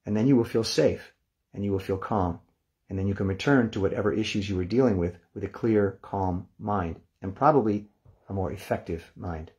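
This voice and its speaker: An older meditation instructor guides a relaxation lesson in a calm, unhurried manner, softly counting down and sinking into hushed releases. His voice sits on the low side.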